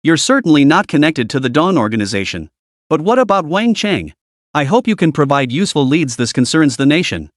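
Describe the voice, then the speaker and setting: A man's voice: on the high side, big pitch swings, fairly quick, no room sound, studio quality. A man voicing a cunning, relentless male interrogator who presses with rising questions. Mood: coaxing.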